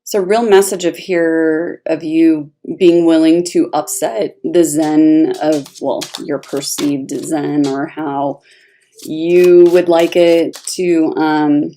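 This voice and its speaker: A woman giving a casual, expressive tarot reading, talking straight to the viewer with emphatic asides. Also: deep voice, takes it slowly, a little hiss or hum. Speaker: tarot reader.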